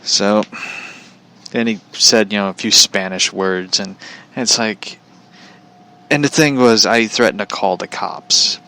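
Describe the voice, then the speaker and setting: A man's voice: fairly low pitch, measured pace, bright, forceful tone, clear, resonant tone. Profane, aggravated ranting man. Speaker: show host. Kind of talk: ranting storytelling. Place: at home.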